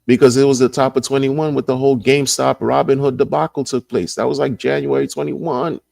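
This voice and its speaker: A man's voice: medium pitch, flat delivery, brisk, vocal fry, darkish tone, no room sound, studio quality. A man hosting a casual livestream and reading the chat, talking in an emphatic, slangy way and repeating his points over and over. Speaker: crypto livestream host.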